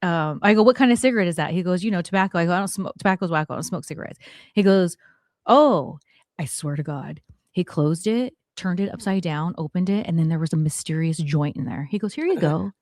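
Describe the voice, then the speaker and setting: A woman in her forties hosting a talk show, telling a story in a lively way and acting out what people said. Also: on the low side, fast, dry recording, clean studio sound. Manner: animated, acts out quotes, swears it is true. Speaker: podcast host. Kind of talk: storytelling chat.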